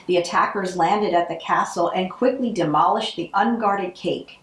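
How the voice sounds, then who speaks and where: A woman reading a holiday picture book aloud, with expressive narration. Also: lowish voice, normal speed, few pauses, reverberant, rough recording. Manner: expressive, acts out the characters. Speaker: storybook reader.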